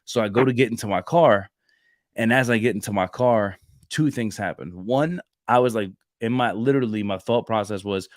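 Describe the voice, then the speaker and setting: A man in his thirties co-hosting a podcast, chatting casually about faith and telling stories with lively acted-out dialogue. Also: lowish voice, normal speed, dry recording, studio quality. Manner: animated storyteller who acts out dialogue and restarts often. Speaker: podcast co-host. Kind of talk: casual faith chat, storytelling.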